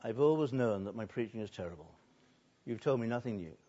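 An older man, a pastor, preaching a sermon, swinging between soft and loud and drawing out words for emphasis. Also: fairly low pitch, animated, fairly quick. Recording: dull lo-fi recording.

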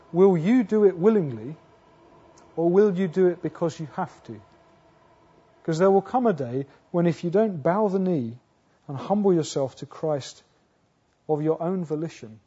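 A man preaching a sermon earnestly, asking rhetorical questions, restarting phrases, rising to loud emphatic peaks and sinking low again. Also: slightly rough. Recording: dull lo-fi sound.

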